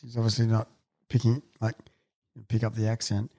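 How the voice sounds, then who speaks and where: Cast note: a man with a warm, mellow voice, calmly laying out film details in casual chat. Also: on the low side, moderate pace. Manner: explaining, matter-of-fact. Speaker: podcast co-host. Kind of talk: casual chat about films.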